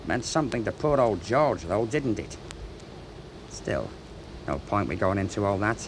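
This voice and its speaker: A man's voice: on the low side, big pitch swings, moderate pace, background noise. An actor playing a menacing able seaman in a radio drama, mocking and then threatening. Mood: placating. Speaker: ship's crewman. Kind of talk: 1970s radio drama acting.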